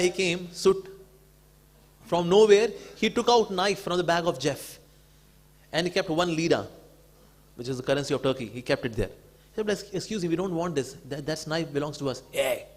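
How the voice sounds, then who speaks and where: Brief: male devotee speaker, slightly high voice, lively storyteller. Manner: animated, acts out quotes.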